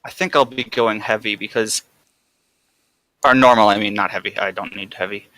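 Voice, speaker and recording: A man playing a tabletop game, eagerly pitching his plan to the group. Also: fairly even intonation, normal speed, pushed and bright. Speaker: player. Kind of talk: casual tabletop game chat.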